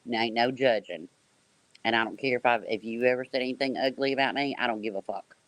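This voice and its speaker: A man's voice: medium pitch, fast, a bit bright, dry recording. Soothing man comforting a guest. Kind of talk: live-stream panel talk.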